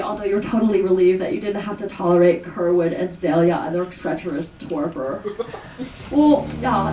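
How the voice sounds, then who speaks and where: A woman's voice: on the low side, a little mellow, slight background noise, close to an everyday voice. A woman playing a chatty teenage girl on the phone, giggly and full of odd big words, in a solo stage monologue. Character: chatty teenage girl, dreamy, dramatic vocabulary. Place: small performance space. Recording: roomy, distant live VHS recording.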